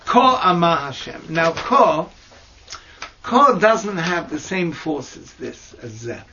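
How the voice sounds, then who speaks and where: A man teaching mystical texts in a slow lesson over a video call, hesitant and searching for words with fillers and restarts. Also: sing-song, bright, forceful tone. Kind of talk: slow explanatory lesson with many pauses. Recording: dull low-fi audio with faint noise.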